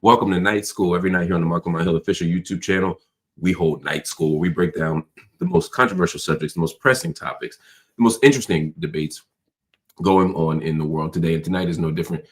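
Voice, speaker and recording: A low-pitched man hosts a nightly livestream in a loose, conversational way, calling his viewers y'all. His voice is a bit hoarse from a cold he is fighting. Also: quick pace. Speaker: host. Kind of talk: casual nightly livestream talk.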